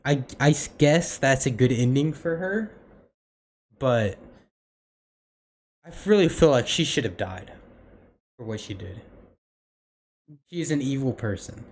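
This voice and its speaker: A man's voice: mid-range voice, lively intonation, a little slow, pauses often, a little mellow. A young man co-hosting a podcast in casual chat, rambling with many fillers and restarts. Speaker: podcast co-host.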